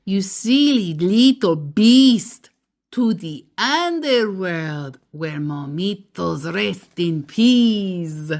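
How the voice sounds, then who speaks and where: A woman's voice: medium pitch, expressive, drawn-out words, a little mellow. A woman voicing a band of cheerful chihuahua friends in a bouncy, emphatic storybook way.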